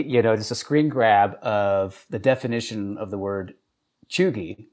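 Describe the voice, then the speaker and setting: A man co-hosting a casual chat, teasing dryly and halting with fillers. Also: lowish voice, darkish tone. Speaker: podcast co-host.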